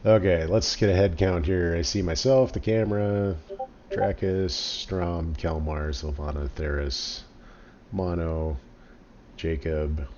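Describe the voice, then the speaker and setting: A man's voice: sits low, steady tone, slow, a little mellow, muffled recording, slight background noise. A man running a tabletop game as game master, talking in a laid-back, wry and teasing way over a voice call. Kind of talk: casual tabletop game chat.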